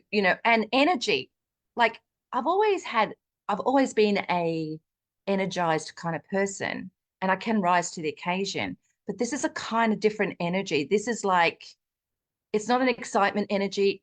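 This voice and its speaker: A woman's voice: medium pitch, moderate pace. A middle-aged woman on a video call, chatting animatedly with lots of fillers as she tells her own health story. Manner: chatty and animated, many fillers, acts out quoted dialogue. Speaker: guest sharing a personal health story. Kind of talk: casual video-call chat.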